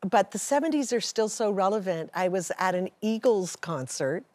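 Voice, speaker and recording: A woman singer chatting as a guest, telling anecdotes in a lively, easy way. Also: mid-range voice, moderate pace, no echo. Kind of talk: casual chat interview.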